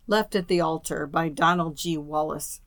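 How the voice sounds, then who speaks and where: A reader narrating classic short stories in a measured, expressive way. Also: medium pitch, no room sound. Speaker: story reader. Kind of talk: storybook narration.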